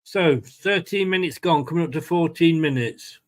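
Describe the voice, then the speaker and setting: Speaking at a moderate pace in a voice on the high side, this fan channel host leads a relaxed live watchalong. He comments on play and chats with viewers, addressing them by name.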